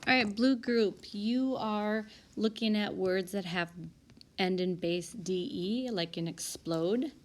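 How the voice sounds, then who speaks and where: A woman teacher calmly and methodically working through a spelling list for small reading groups, correcting herself aloud now and then. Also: mid-range voice, takes it slowly. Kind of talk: recorded spelling lesson walkthrough. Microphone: tablet microphone.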